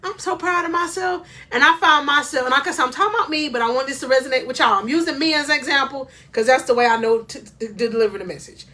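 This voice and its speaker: Woman, middle-aged, life coach, faith-based motivational talk, emphatic, high voice. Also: fast talker, few pauses, bright, forceful tone. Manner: emphatic, preachy, addresses viewers as y'all.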